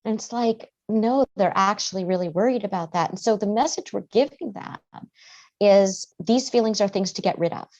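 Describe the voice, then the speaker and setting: A woman's voice: mid-range voice, normal speed, a little mellow. A woman guest therapist giving earnest podcast interview answers, often acting out how parents and children talk.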